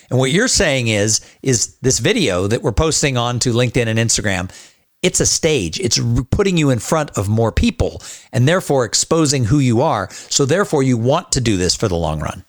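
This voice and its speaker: A man's voice: mid-range voice, sing-song, a little fast. A man hosting a podcast, chatting casually and thinking aloud with a self-deprecating touch. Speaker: podcast host. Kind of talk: casual interview chat.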